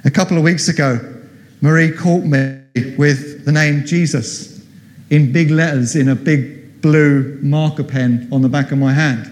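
A man's voice: a little high, fairly even intonation, a little slow, a little mellow, in a large hall. A middle-aged man preaching a sermon, telling the story with animation and acting out the voices he quotes.

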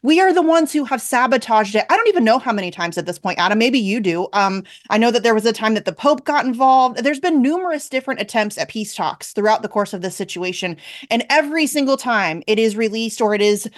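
A woman's voice: a little high, lively intonation, fast talker. A young woman hosting a political talk show, ranting animatedly in exasperation. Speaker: show host. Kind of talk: political commentary chat.

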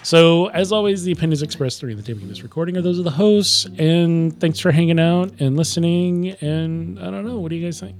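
A man's voice: fairly high pitch, fairly quick, few pauses, darkish tone. A man in his fifties co-hosting a podcast, chatting casually and rambling with repeated words. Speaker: podcast co-host. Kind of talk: casual chat.

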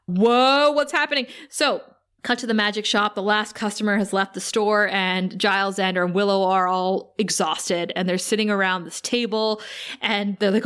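A woman co-hosting a podcast in casual chat, retelling an episode with animated storytelling, acting out quotes and laughing often. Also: medium pitch, moderate pace. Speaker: podcast co-host.

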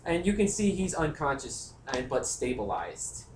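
A man's voice: fairly high pitch, big pitch swings, normal speed, roomy sound, a little hiss or hum. A man running a tabletop game as game master, chatty and laughing often, with frequent ums.

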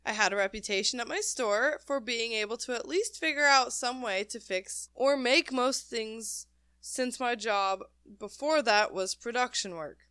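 A lively woman co-host with a fairly high voice. She talks bluntly and laughs easily, with big swings of reaction, then settles into reading a story aloud. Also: clean tone, no echo, studio quality. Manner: animated, blunt, quick to laugh. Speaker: podcast co-host. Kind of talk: casual chat and reading out stories.

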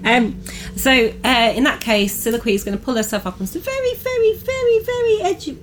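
A woman's voice: high-pitched, sing-song, fairly quick, soft background music. A young woman playing in a tabletop game, chatty and hesitant, laughing often. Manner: giggly, hesitant with many ums. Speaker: player. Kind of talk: tabletop role-play chat.

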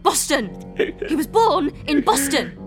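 Actress as a dry, sarcastic woman on a bad date, high and lively voice, comedy audio drama. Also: measured pace, faint music behind. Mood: unimpressed. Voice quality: dry, sardonic delivery.

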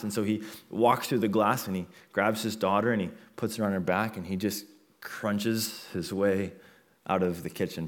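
A man preaching a sermon as a pastor, earnest and building intensity through repeated phrases. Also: on the low side.

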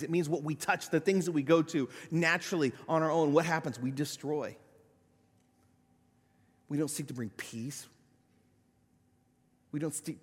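A male pastor preaching a sermon, swinging between loud emphatic peaks and quiet, low-voiced asides. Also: in a large hall. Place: church sanctuary.

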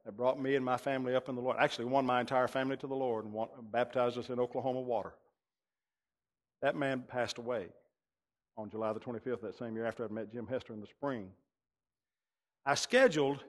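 A man, a pastor telling a story in a sermon and acting out the dialogue with lively shifts of voice. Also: medium pitch. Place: church sanctuary. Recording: long reverb of a church hall.

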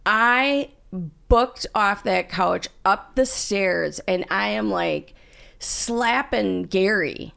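A woman's voice: mid-range voice, very slow, gravelly, a bit bright. A woman co-hosting a casual podcast, telling a story animatedly and acting out her own panicked lines. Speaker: podcast co-host.

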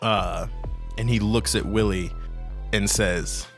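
A man's voice: on the low side, fairly even intonation, slow pace, over music. A man narrating as game master in a casual way with frequent fillers.

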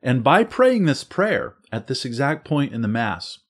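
A man hosting a podcast discussion, walking listeners through the liturgy in a measured, explanatory way. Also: mid-range voice, sing-song. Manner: measured, explanatory, slows down to stress points. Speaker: host. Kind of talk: guided walk through the liturgy.

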